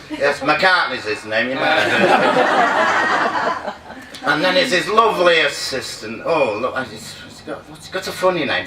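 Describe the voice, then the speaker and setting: A medium-pitched man delivers a live stand-up monologue at a treatment centre reunion, rambling, losing his place, and bantering with the audience. The hall is echoey, the mic distant, and the crowd ambience loud, with background noise throughout.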